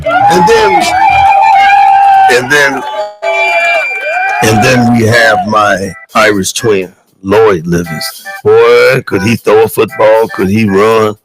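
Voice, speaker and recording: A middle-aged man hosting a live stream, loudly giving shout-outs to his family and telling stories in a casual way. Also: fairly low pitch, takes it slowly, over a noisy crowd, low-quality recording. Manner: loud, animated, calls out family names. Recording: loud music playing over the voice.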